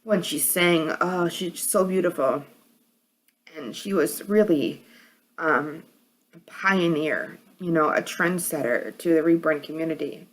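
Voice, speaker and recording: A woman's voice: low voice, a little slow. A woman with a New York accent chatting casually as a vlogger, with a hard, edgy voice and a rambling way of talking. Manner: rambling, many fillers and restarts. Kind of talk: casual chat.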